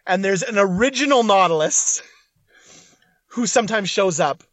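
Young male podcast co-host, higher voice, profane and jokey. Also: animated, moderate pace, a bit bright, no room sound. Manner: laughing, blunt and profane. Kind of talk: casual podcast chat.

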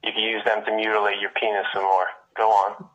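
A man's voice: lowish voice, level tone, fast talker, fairly bright tone. A man on the phone who taunts and insults the caller and keeps snapping "what?". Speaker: prank call target. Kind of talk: phone conversation. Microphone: telephone. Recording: muffled phone line.

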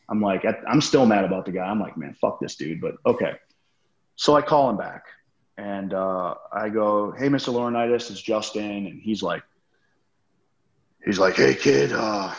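A man, a former wrestler as podcast guest, telling a profane story and acting out what others said. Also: on the low side. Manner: profane, acts out quoted dialogue. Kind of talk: casual storytelling interview. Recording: roomy, dull lo-fi sound.

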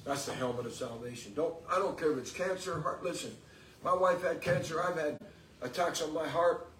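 A man's voice: on the high side, brisk, a bit bright. A man preaching a sermon with call and response, emphatic and building up to exclamations. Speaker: preacher and podcast host. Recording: echoey room, distant mic, faint noise.

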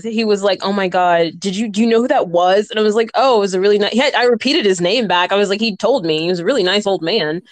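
A woman co-hosting a casual podcast, telling animated stories, acting out the quotes and laughing often. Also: medium pitch, no room sound. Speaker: podcast co-host.

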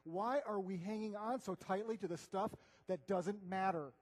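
A man giving an earnest, conversational sermon, swinging between loud declarations and hushed asides. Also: high voice, moderate pace. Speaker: preacher. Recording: long hall reverb.

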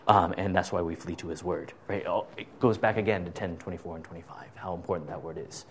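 A middle-aged man leads an informal Bible study in a fairly low, fairly even voice, speaking fairly quickly. He's talkative, tosses out rhetorical questions with frequent "right?", stammers and restarts, and chuckles often.

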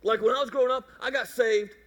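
Middle-aged male pastor, very high-pitched, playful and animated delivery. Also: fast, long reverb tail. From Mississippi. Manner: animated, jokey, acts out voices and roars. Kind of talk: sermon.

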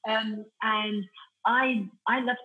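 A middle-aged woman with an Italian accent, founder of a food company, talks enthusiastically as a guest on a casual podcast interview, with lots of fillers and restarts. Her voice is on the high side, flat and slow. The sound is phone quality.

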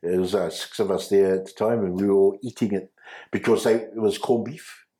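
A man's voice: lowish voice, fairly even intonation, dark tone. Older New man telling his story. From New Zealand. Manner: halting, many restarts, chuckling often. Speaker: interview guest. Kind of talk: personal storytelling. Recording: echoey room.

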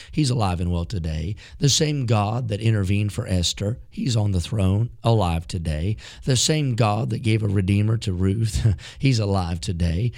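A man's voice: on the low side, a little mellow. A man preaching a sermon from rural mountain country, building fervent rhythmic repetitions.

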